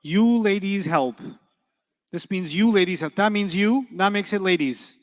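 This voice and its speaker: A man with a high voice, an Arabic teacher, leads a classroom grammar lesson, firing quick questions at his students and playfully teasing them. A long hall reverb rings around his voice.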